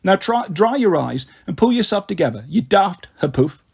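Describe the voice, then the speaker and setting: A man's voice: high voice, sing-song, normal speed, vocal fry, a little mellow, breathy edge, heavily acted. A man reading aloud, voicing a stern, fussy mother who scolds her daughters in a storybook. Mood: scolding. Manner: scolding, exasperated.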